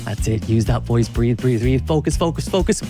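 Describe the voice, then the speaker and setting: An Irish man presenting science to children, leading an energetic, playful warm-up with jokes and instructions. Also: medium pitch, moderate pace, music in the background. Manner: upbeat, playful, joking instructions.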